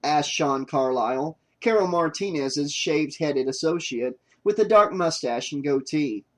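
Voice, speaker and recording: A man narrating a horror novel audiobook in a steady, even storytelling manner. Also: a little high, unhurried.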